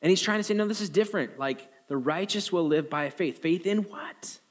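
A male pastor delivering a sermon in a lively, joking way, his voice sitting a bit high for a man. He slips into exaggerated voices for the people he quotes, then drops back to plain preaching. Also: brisk. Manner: animated, jokey, acts out quotes in high voices.

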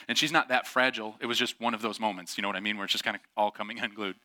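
Sharp-toned male preacher, emphatic delivery. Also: on the low side, steady tone, racing. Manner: emphatic preaching with rhetorical questions. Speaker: pastor. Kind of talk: sermon with personal anecdote.

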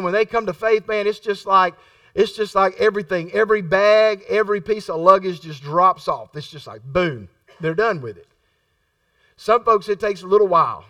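High bright-voiced male preacher. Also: no room sound, far from the mic. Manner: conversational, repeats phrases for emphasis; acts out quoted voices in his storytelling. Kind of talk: sermon.

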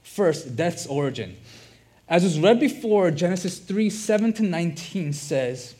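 An earnest man preaches a sermon to his congregation, his voice sitting a little high for a man. He stresses key phrases by repeating them. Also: sing-song, a little slow, warm tone. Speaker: pastor.

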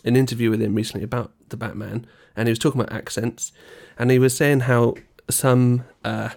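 Brief: male co-host, playful questioner, medium-pitched everyday voice. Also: level tone, brisk, gravelly, a little mellow. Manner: teasing, questioning. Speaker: podcast co-host. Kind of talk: casual chat.

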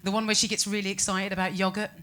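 A British woman performing a stand-up comedy set, ranting with incredulous, animated exclamations. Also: medium pitch, very fast. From Britain.

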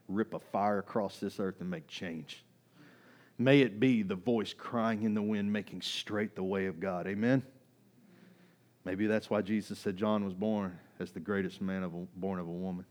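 A male pastor preaching a sermon, swinging between loud fervent peaks and soft, low asides, talking conversationally with restarts and repeated words.

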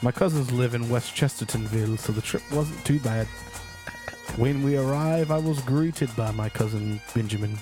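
A man's voice: medium pitch, extremely slow, few pauses, music in the background. A man reading a silly diary entry in a clumsy put-on Scottish accent, breaking into laughter now and then. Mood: mock earnest.

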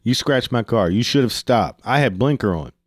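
A man's voice: mid-range voice, animated, moderate pace, no room sound, clean studio sound, lightly acted. A man voicing a stubborn, angry male driver who speaks broken English and keeps repeating himself. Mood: angry, insistent.

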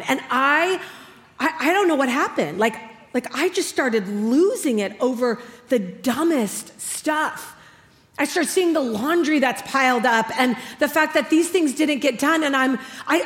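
A middle-aged woman preaching to a crowd with a bright, slightly high voice. She tells a humorous story with animated, self-mocking energy. The sound carries a long reverb from a large hall. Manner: animated, self-mocking, acts out family dialogue. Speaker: speaker. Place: large hall with a live audience.

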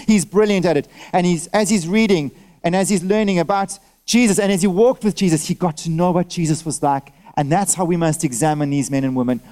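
High-voiced preacher firing rhetorical questions. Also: male voice. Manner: animated, fires off rhetorical questions at the congregation; talks directly to listeners, asks for nods and amens. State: wearing a face mask. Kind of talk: sermon. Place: church service.

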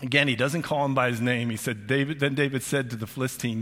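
A man's voice: mid-range voice, steady tone, quick pace, a bit bright. An older man preaching a conversational sermon as pastor, chatty and emphatic, often restarting his phrases. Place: church auditorium. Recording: long reverb of a large hall.

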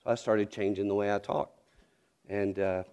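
A man's voice: lowish voice, fairly even intonation, moderate pace, warm tone, clear, resonant tone, dull audio. A middle-aged man from North Carolina, a pastor preaching a sermon with storytelling and earnest questions.

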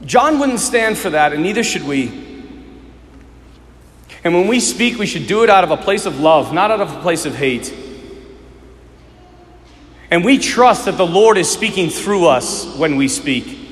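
A Catholic priest delivers a sermon with a high voice that leaps and falls expressively. He tells stories with animation, builds to fervent appeals, and sinks to hushed questions. The sound rings with the long reverb of a large church. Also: expressive, unhurried, pauses often.

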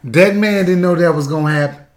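Joking man with a high voice, echoey room. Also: a little fast. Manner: joking, animated, laughs often. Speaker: co-host. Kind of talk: casual gossip chat. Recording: echoey room with faint noise.

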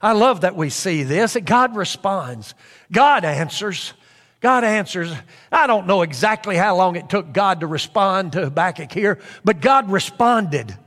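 A man's voice: high-pitched, lively intonation, moderate pace, few pauses, fairly bright tone, long reverb tail. A man preaching a sermon in an earnest way, repeating phrases for emphasis with frequent fillers.

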